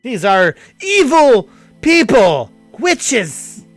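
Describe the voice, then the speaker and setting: A man voicing a frightened, angry woman shouting accusations. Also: big pitch swings, extremely slow, dry recording, soft background music, full character voice. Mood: furious. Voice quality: shrill, shouting.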